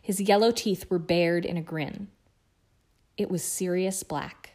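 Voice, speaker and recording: Lower-voiced woman reading a novel aloud. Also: fairly even intonation, unhurried, darkish tone. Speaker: guest reader.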